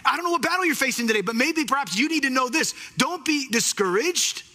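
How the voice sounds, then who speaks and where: A man preaching a sermon with a husky voice, animated and acting out the voices of the people in the story. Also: very high voice, fast.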